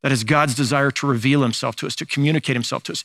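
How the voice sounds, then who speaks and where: Male pastor, mid-pitched, easygoing teaching sermon, fillers and restarts, dry sound. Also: fairly even intonation, racing, creaky, few pauses, a bit bright, no echo. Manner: conversational teaching, frequent "uh" and repeated words.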